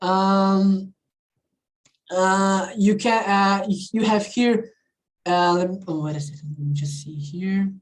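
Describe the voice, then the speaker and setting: A woman's voice: mid-range voice, steady tone, slow pace, poor audio. A woman teaching an online English class in a chatty, casual way, often checking in with her students. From not from the country where she teaches. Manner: chatty, repeats "all right, guys?" and switches into Portuguese.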